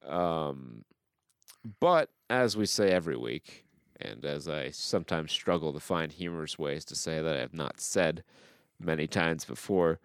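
A man's voice: extremely low pitch, lively intonation, a little slow, clear, resonant tone, no echo, studio quality. A man hosting a podcast in casual chat, joking and reading reviews aloud with dramatic flair. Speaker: podcast host.

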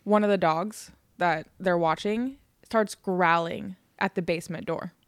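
A woman's voice: fairly low pitch, measured pace, dry recording. A woman co-hosting a podcast, telling a true crime story in casual, chatty talk, laughing often and swearing. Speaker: podcast co-host.

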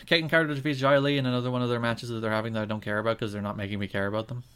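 A man's voice: mid-range voice, level tone, racing, fairly bright tone, smooth. A man co-hosting a podcast in casual chat, dry and sarcastic. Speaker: podcast co-host.

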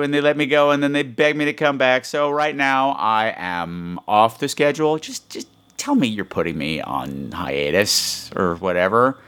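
A man's voice: medium pitch, animated, moderate pace, fairly bright tone. A man hosts a podcast alone, talking in a frenetic, rambling stream. He mocks himself often and jumps from one thought to the next in a loose, chatty way. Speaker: podcast host. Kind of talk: casual podcast monologue.

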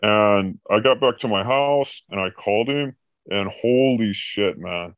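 A man's voice: lowish voice, measured pace, clean tone, no echo. A man recounts workplace stories in a loose, chatty podcast. His talk is peppered with profanity and "like". The recording is close and dry, with no room sound. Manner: profane, animated anecdote telling. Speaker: podcast guest recounting a job. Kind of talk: casual storytelling chat.

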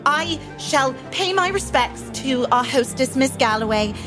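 Woman playing a flustered young noblewoman, high. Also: lively intonation, measured pace, music in the background. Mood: urgent. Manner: breathless, stammering Regency politeness. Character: flustered young noblewoman sister, hurried and polite. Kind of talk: actual-play character voice.

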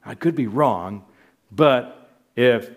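Slow, earnest male preacher. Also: mid-range voice. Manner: earnest, repeats phrases for emphasis. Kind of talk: sermon.

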